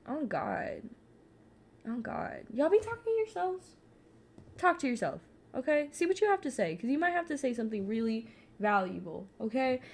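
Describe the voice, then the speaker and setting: Young woman, rambling, self-mocking, heavy swearing, sudden yelling, slightly high pitch. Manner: frequent swearing and filler "like". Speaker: vlogger. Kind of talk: casual chat while painting. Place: alone at home.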